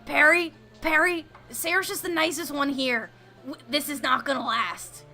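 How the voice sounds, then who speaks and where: A woman's voice: sits high, steady tone, unhurried, sharp tone, soft background music. A woman playing a tabletop game, making dry, teasing remarks.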